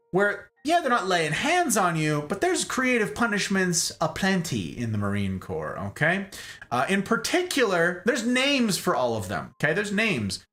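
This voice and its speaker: Animated rambling male storyteller. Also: high voice. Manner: animated, rambling, keeps asking "okay?". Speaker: streamer host. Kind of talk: casual storytelling.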